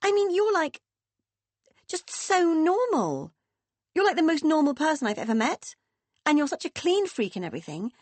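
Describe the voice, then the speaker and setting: A woman's voice: high-pitched, very animated, normal speed, long pauses, dry recording, voice pushed up. Woman doing a blunt teenage girl. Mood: uneasy.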